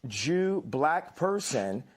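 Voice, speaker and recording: A man's voice: a little high, very animated, drawn-out words. An American man, a guest in an interview, speaking insistently and rambling while talking over his host. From United States. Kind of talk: combative interview talk.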